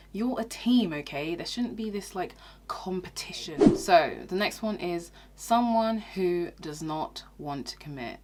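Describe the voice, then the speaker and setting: Low-voiced woman vlogging. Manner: chatty, frank, often asks "okay?". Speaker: YouTuber. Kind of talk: casual advice vlog.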